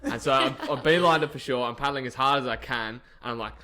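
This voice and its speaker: A man co-hosting a casual chat show, quick and blunt, swearing offhandedly. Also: mid-range voice, crowd noise. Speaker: co-host.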